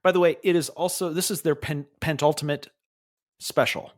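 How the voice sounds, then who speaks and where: A man's voice: fairly high pitch, fairly even intonation, moderate pace. A man co-hosting a podcast, chatting casually in a rambling, wry way with many restarts. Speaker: podcast co-host. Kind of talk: casual chat.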